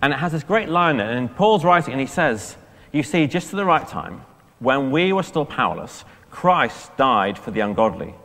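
A man preaching an all-age church sermon, chatty and lively, asking the children questions. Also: medium pitch, normal speed. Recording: long church reverb.

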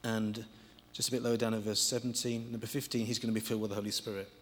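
A man's voice: on the low side, flat delivery, racing. Preaching man in a reverberant hall. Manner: emphatic, counting points aloud. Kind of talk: sermon.

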